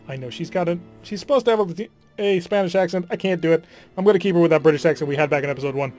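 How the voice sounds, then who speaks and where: A man's voice: on the high side, rapid-fire, darkish tone, faint music behind. A man commenting casually on his strategy game playthrough, chatty and wry, sighing at setbacks. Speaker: let's play host.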